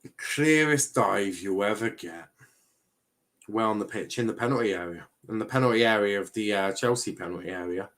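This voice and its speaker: A man's voice: lowish voice, moderate pace, a bit bright, low-quality recording. A young man from England doing a casual live football watchalong, bantering with chat in mock outrage and often restarting his sentences. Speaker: watchalong streamer.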